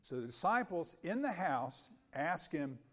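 Male preacher, fairly high voice, orderly expository sermon, reads scripture then breaks it down with repeated phrases. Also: big pitch swings, unhurried, a bit bright. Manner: methodical, repeats key phrases for emphasis; occasional restarts when speaking off the cuff.

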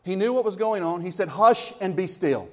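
A pastor delivers a sermon, his fairly high voice moving at a moderate pace. He alternates between lively emphasis and hushed, quiet passages, chuckling between points.

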